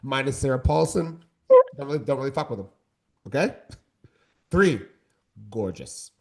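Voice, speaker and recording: A man's voice: medium pitch, animated, moderate pace. A man co-hosting a casual podcast debate, talking in an emphatic, campy, joking way. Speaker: co-host.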